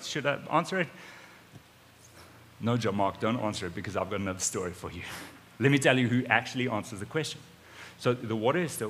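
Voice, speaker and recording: A man preaching, retelling a story in the first person in an animated way, with sudden swings in loudness. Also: mid-range voice, slight background noise. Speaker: pastor. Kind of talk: storytelling sermon. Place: church auditorium.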